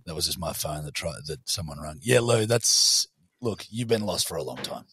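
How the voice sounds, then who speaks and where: A man's voice: low voice, lively intonation, normal speed, fairly bright tone, slightly rough. A man co-hosting a podcast in casual chat, joking crudely and swearing a lot. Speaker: podcast co-host.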